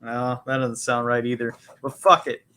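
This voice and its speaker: A man's voice: mid-range voice, level tone, normal speed, sharp tone, clear, resonant tone. Profane, joking man co-hosting a podcast. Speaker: podcast co-host. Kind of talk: casual chat.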